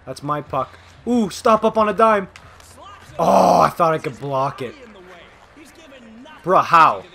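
A young man giving live gameplay commentary, excitable and trash-talking, swinging between low muttering and sudden yelling. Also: drawn-out words, creaky, long pauses. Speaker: gaming video host.

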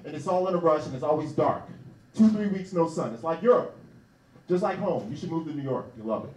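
A man's voice: on the high side, expressive, fairly quick, a little mellow, echoey room, far from the mic, slight background noise, poor audio. A man from hosting a comedy night, riffing brashly with lots of profanity. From Philadelphia. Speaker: comedy show host. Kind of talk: stand-up hosting. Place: small comedy bar stage.

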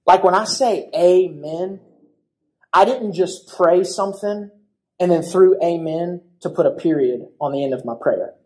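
A young man preaching a church sermon, telling a story in a lively, casual way and acting out the voices of people in it. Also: sits high. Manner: animated storytelling with acted-out voices. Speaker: pastor.

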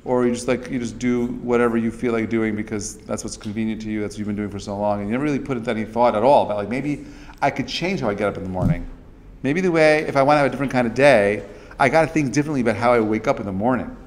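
A man teaches a relaxed class in a voice of middle pitch. He chats with many fillers and restarts and acts out little quotes. A faint hiss of noise sits under his voice. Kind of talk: casual interactive class talk.

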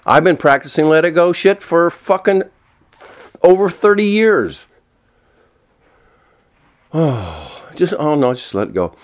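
A man in his seventies ranting alone at home, swearing a lot and swinging between angry outbursts and a soft, mock-gentle tone. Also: on the high side. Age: 70s. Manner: frequent swearing and self-mocking laughs. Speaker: vlogger. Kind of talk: unscripted solo rant. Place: walking around indoors at home.

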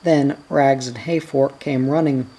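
A slow, unhurried reader narrating a children's book aloud. The voice is mellow and soft, with a calm, measured storytelling manner. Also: mid-range voice, slightly rough, low-quality recording. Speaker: audiobook reader. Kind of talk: reading a children's novel aloud.

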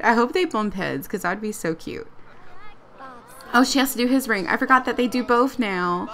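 A woman casually narrating her life-sim game play, excited and giggly. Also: fairly high pitch, moderate pace, slight background noise. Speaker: let's play creator.

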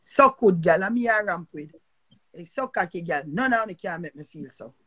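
A woman's voice: fairly low pitch, lively intonation, normal speed, fairly bright tone, slightly rough. Older woman, Jamaican accent, heated live-stream rant, cursing, repetitive, confrontational. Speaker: social media personality.

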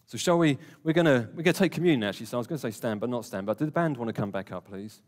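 Conversational preacher in a reverberant hall. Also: male voice, mid-range voice, lively intonation, rapid-fire. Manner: conversational, emphatic, jokey asides. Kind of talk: live sermon. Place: warm church hall, live congregation.

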